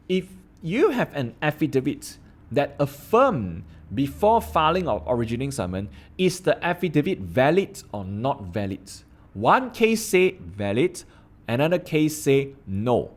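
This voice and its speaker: A man giving a law lecture to a class, asking many rhetorical questions. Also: medium pitch. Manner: animated, asks rhetorical questions.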